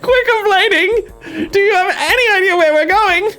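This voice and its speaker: A whiny, flamboyant game wizard, as a man puts him on, always complaining. His voice jumps high and shrill with lively swings, over quiet music. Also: measured pace. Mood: panicked.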